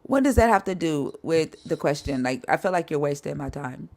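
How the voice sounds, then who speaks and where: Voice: mid-range voice, animated, moderate pace, vocal fry, a little mellow. Blunt live-stream host with challenging questions.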